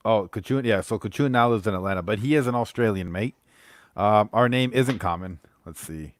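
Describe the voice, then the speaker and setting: A man's voice: lowish voice, a little fast, dry recording. Chatty male streamer, dry close mic. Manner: rambling, chatty, many fillers and restarts. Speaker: streamer recapping movies with live chat. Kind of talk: casual live-stream chat.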